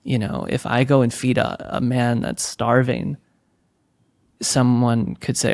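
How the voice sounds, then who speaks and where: A man hosting a spiritual podcast, chatting casually and reading aloud from his book in a gentle, playful way. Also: mid-range voice, level tone, unhurried, vocal fry, no echo. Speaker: podcast host.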